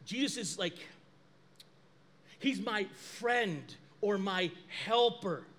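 A man preaching a sermon as pastor, lively and animated, acting out quoted dialogue. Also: high voice, slow.

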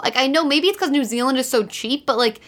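Woman, high-pitched, profane, exasperated, casual podcast co-host. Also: expressive, fast talker, fairly bright tone. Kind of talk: casual recap chat.

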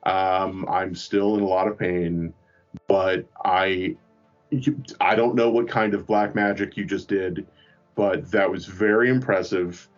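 A man with a lowish voice tells a rambling, profane story at an easy pace. The recording sounds a little dull and lo-fi, with faint music underneath. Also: steady tone, measured pace. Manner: rambling, profane, self-mocking. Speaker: podcast co-host. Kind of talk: casual storytelling.

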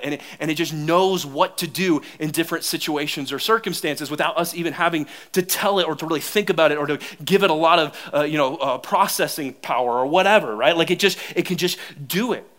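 A middle-aged man preaching a sermon to his church, telling funny stories about his marriage in an animated, self-mocking way and laughing often. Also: a little high, brisk, few pauses. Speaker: pastor. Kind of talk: sermon with humorous personal stories.

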